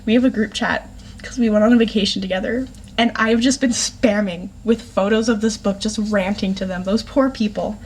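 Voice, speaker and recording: A woman's voice: a little high, darkish tone, slight background noise. A woman reviewing a book in a casual, sarcastic rant, swearing and exasperated.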